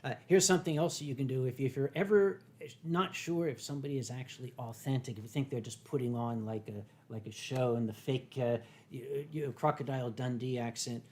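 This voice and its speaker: He's an older man from the United States hosting a wine-sipping livestream chat, with a mid-range, slightly mellow voice that stays steady and fairly quick. Rambling and joking, he leans on fillers and keeps restarting.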